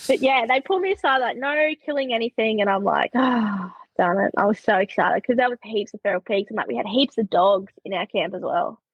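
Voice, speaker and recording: A young Australian woman telling stories as a podcast guest, animated, laughing often and saying "like" a lot. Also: medium pitch, fast, hardly any pauses, husky, dry recording, lo-fi sound. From Queensland, Australia. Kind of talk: casual storytelling.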